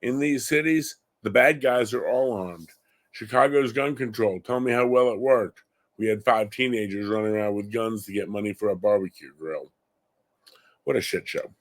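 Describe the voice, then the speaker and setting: A man's voice: fairly low pitch, normal speed. A middle-aged man from Long Island, hosting a gun-focused show and giving opinionated, indignant commentary. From Long Island, New York. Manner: indignant, rising to heated emphasis.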